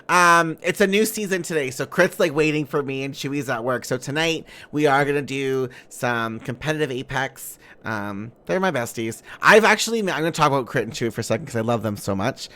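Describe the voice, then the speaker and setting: A woman's voice: sits low, animated, fairly quick, few pauses, a bit bright. A young woman streaming a game, chatting in a playful, bubbly way, giggling and swearing freely. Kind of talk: casual live-stream chat while gaming.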